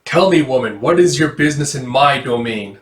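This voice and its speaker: A man voicing a giant demon lord who speaks slowly and imperiously. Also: mid-range voice, lively intonation, reverberant, natural voice. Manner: slow, imperious.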